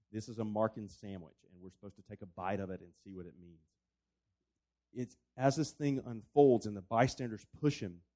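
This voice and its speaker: A man, a pastor, unpacks scripture in an easy, reflective conversational manner. His voice is mellow and warm. He tells the story with a preacher's sense of scene. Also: lowish voice. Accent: non-local accent. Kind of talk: conversational Bible discussion.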